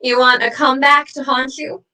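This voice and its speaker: A mocking, vengeful ghost, played by a woman taunts her ex in a comedy sketch with quick jabs of wordplay. The voice is bright and a little high, and it sounds distant from the mic. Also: level tone.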